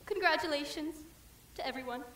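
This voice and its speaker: A woman's voice: sits high, brisk, a bit bright, slight background noise. A woman playing a melodramatic young showgirl bride on stage. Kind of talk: amateur stage musical acting. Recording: distant, roomy stage recording with music.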